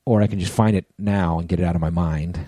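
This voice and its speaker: Middle-aged podcast co-host, male, low mellow voice, rambling profane storyteller, dry close sound. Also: steady tone, quick pace, no room sound. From US East Coast. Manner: rambling storyteller, swears a lot. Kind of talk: casual chat.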